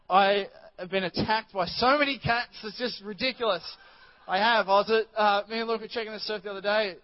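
A man's voice: high voice, dull audio. A male pastor preaching a chatty sermon in church, rambling with many restarts and asides to the congregation.

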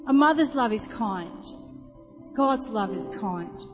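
A woman preacher with a high voice, telling homely stories and calling out questions to her listeners. Her voice rings with a long hall reverb. Music plays clearly underneath. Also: expressive, takes it slowly. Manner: chatty storytelling, asks the audience questions. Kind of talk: sermon.

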